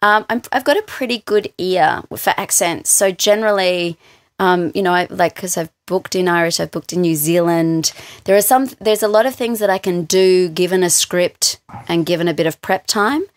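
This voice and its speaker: An Australian woman, a voice actor, chatting casually as a podcast guest in a studio, self-deprecating and quick to laugh. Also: lowish voice, no room sound. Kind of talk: casual chat. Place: recording studio.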